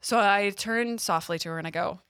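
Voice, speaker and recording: A young woman telling a funny story in casual podcast chat, animated, with lots of fillers and frequent laughter. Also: mid-range voice, brisk, slight background noise. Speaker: podcast guest.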